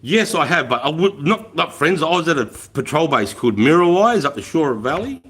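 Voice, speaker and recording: A man's voice: fairly high pitch, sing-song, a little fast, a bit bright, slightly rough. A middle-aged Australian man telling war stories on a livestream, swearing often and laughing as he goes. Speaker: livestream host, army veteran. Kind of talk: casual storytelling on a livestream.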